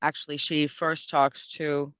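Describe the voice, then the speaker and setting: A man in his thirties from Canada, speaking as the guest expert in a relaxed interview, pausing often with fillers and restarts. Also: on the high side, clear, resonant tone, no room sound. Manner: thoughtful, with frequent fillers and restarts. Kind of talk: conversational interview. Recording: dull, dry lo-fi sound.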